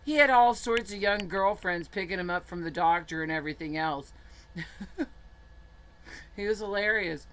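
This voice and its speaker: A woman's voice: fairly low pitch, normal speed, pauses often, fairly bright tone, a little hiss or hum. A woman telling a personal story in a frank, chatty way, laughing often and swearing casually.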